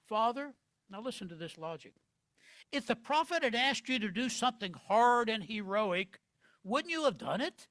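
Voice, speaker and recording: A man preaching a sermon as pastor, animated, acting out quoted lines with big swings in loudness. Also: high voice, dry recording.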